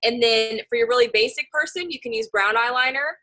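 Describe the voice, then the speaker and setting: A woman's voice: fairly high pitch, brisk, pushed and bright, rough recording. A woman on a video call, explaining makeup looks in a friendly, casual training talk. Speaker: makeup team leader.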